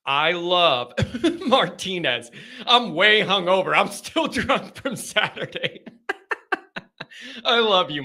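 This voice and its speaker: A man hosting a live call-in chat, rambling and excitable with frequent laughs. His voice sits high and swings widely in pitch. He talks in an unhurried way with a bright, sharp edge. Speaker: host of a fan call-in show.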